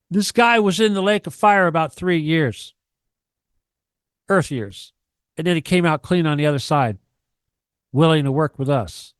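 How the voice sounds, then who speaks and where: A man's voice: a little high, smooth, no echo. A man ranting on a radio talk show, profane and emphatic, lecturing and repeating himself.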